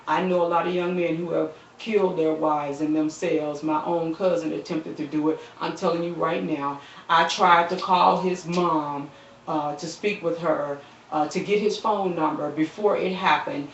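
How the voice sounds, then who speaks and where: A woman's voice: deep voice, steady tone, normal speed, slight background noise. Impassioned woman preaching into a phone. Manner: impassioned, swells into shouting then drops soft; quotes scripture, repeats phrases. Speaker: live-stream speaker. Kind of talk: preaching-style appeal. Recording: roomy, distant, dull phone recording.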